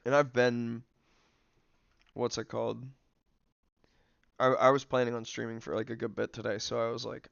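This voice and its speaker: A man's voice: mid-range voice, unhurried, vocal fry, long pauses, dry recording, highs cut off. A young man streaming a game, chatting casually with lots of fillers while he snacks. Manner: rambling, filler-heavy, snacking while talking. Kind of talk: casual livestream commentary.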